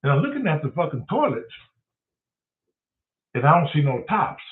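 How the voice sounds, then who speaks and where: A man, hosting and telling a profane, animated story, acting out both sides of the conversation. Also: a little high, normal speed. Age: 60s. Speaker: host. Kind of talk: casual storytelling. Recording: tinny phone-like sound.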